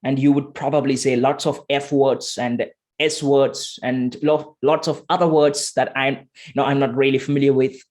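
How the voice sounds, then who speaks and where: Man, motivational talk, emphatic, repeats himself, soft slow guidance. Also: mid-range voice, level tone. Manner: repetitive, emphatic, slows to soft guiding tones. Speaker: motivational speaker. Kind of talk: motivational talk with a guided exercise.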